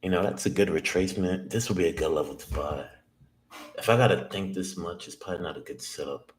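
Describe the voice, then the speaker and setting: Deep-voiced man trading live, thinking aloud. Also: a little fast. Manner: self-talk, swears, second-guesses himself. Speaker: day trader streaming live. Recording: roomy echo, faint background noise.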